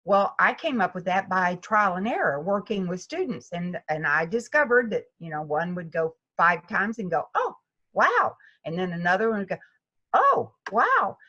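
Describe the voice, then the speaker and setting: A woman's voice: fairly low pitch, normal speed, few pauses, dull audio. A woman golf instructor talking in an interview, telling stories and acting out her students' voices. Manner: animated storytelling, acts out students' voices. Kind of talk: interview conversation.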